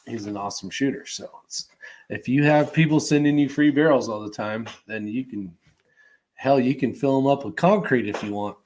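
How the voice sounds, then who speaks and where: A man hosting a relaxed livestream, reading viewer comments aloud and chatting loosely with plenty of fillers and chuckles. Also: medium pitch, moderate pace. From California. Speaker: host reading live chat. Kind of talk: casual livestream chat.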